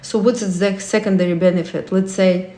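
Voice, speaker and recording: A woman with a warm, steady, medium-pitched voice hosts a casual talk at a moderate pace. Reading from a book, she asks the listener reflective questions, using non-native English phrasing and correcting herself often, while the space gives a roomy echo.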